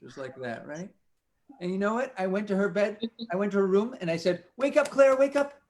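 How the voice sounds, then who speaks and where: A man with a high-sitting voice leads a children's music session at a fairly quick pace. He animatedly tells a playful story and asks the kids questions back and forth.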